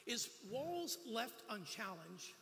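A high, bright male voice delivers a sermon, weaving personal stories and quick humorous asides. The sound carries the long reverb of a church sanctuary, with faint noise underneath. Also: sing-song, vocal fry. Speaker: guest preacher.

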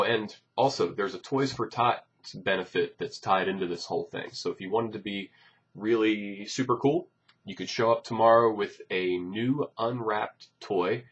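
A bassist talks casually to his fans in a low, slightly husky voice, rambling through his plans with jokes and plenty of ums. The recording is dull and lo-fi, with muffled highs. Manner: rambling, joking, many fillers. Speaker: bassist announcing gigs. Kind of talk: casual chat to camera.

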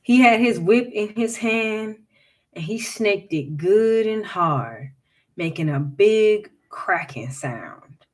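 In a mid-range voice, a woman tells a folktale aloud, reading with measured, expressive storytelling.

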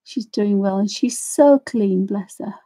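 Chatty woman with a mellow voice. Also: medium pitch, a little slow. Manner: rambling, apologetic, ranting asides. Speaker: craft tutorial host. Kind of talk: chatty tutorial while colouring.

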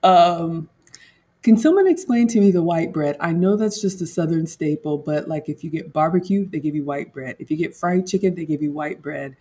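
A woman's voice: sits low, moderate pace, warm tone, husky. A woman home cook vlogger in casual livestream chat, talking straight to her viewers and laughing often.

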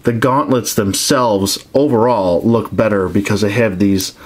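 A man's voice: on the low side, unhurried, darkish tone. A man casually reviewing action figures, rambling with many restarts and frank complaints.

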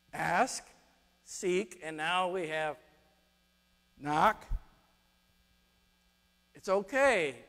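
A man preaching a sermon, telling stories with lively acted-out quotes. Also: on the high side. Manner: animated storytelling, acts out quotes. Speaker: pastor. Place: church sanctuary. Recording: long reverb of a church hall.

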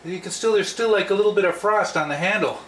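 A man's voice: sits high, fast talker, fairly bright tone, slight background noise. A man hosting a home cookware test vlog, who talks playfully to the pan as if it were a person. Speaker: channel host.

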